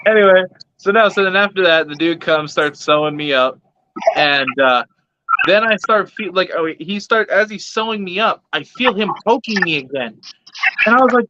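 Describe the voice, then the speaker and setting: A man's voice: sits high, brisk, noisy background. A young man casually telling a story, swearing a lot, laughing and acting out the voices of the people in it. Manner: profane, laughing, animated retelling with quoted voices. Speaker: pet vlogger. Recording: dull lo-fi sound.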